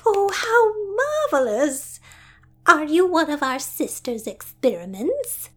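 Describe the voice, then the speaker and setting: Sweet, effusive storybook sister, a woman narrator doing the voice. High and bubbly. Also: very animated, slow, exaggerated voice. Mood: delighted. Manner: effusive, sympathetic. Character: gushing, sweet-natured sister.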